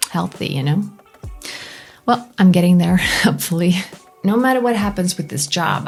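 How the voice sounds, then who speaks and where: A Norwegian woman with a low, husky voice and a gravelly edge talks casually to her viewers in accented English. She is chatty and open, and often trails off into a near-whisper. Faint music plays behind her. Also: darkish tone. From Norway. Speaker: vlogger. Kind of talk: casual chat to camera.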